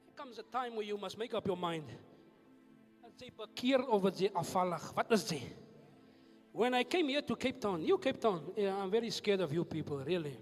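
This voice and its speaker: A male pastor with a South African accent preaching a fiery sermon, moving between hushed asides and shouted declarations. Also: sits high, expressive, normal speed, long reverb tail, faint music behind. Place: church hall.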